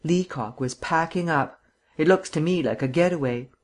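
A man's voice: fairly high pitch, normal speed, close to an everyday voice. A man voicing a blunt, worried police sergeant giving a plain report in an audiobook reading.

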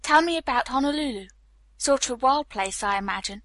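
A woman reading the lines of a stiff, earnest young Boston gentleman in an audiobook, formal in manner. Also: sits high, animated, brisk, no room sound.

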